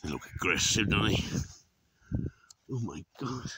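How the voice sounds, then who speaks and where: A man's voice: lowish voice, very animated, unhurried, long pauses, background noise. A man walking up a hill outdoors at dawn, chatting to the camera, exclaiming and swearing at the sheep around him. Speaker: vlogger. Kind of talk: casual running commentary while walking.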